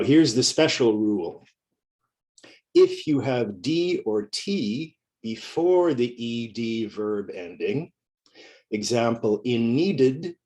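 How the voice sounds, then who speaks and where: A man's voice: mid-range voice, a little mellow. A middle-aged man teaching a pronunciation lesson, speaking carefully and repeating each word for learners.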